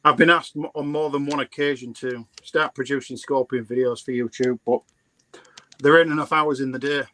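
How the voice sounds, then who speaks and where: A man's voice: mid-range voice, steady tone, normal speed, fairly bright tone. A man appearing as a guest on a live stream, making dry, wry remarks in casual chat.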